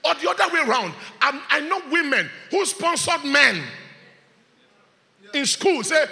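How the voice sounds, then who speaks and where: A man, preaching a sermon as pastor, swinging between shouts and hushed lines. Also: extremely high pitch, sing-song, moderate pace, creaky, in a large hall. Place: church hall.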